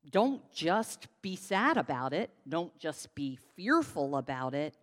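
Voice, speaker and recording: A woman's voice: fairly low pitch, lively intonation, slow pace. A woman giving a children's sermon into a handheld microphone in a church sanctuary, leading the congregation in call-and-response. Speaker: pastor giving a children's message. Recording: long church reverb.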